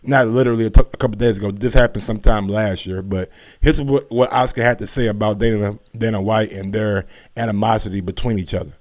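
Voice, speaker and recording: A man's voice: fairly low pitch, fairly even intonation, fast talker, darkish tone. A man hosting a casual sports commentary show, talking in a laid-back, slangy way with lots of fillers and restarts.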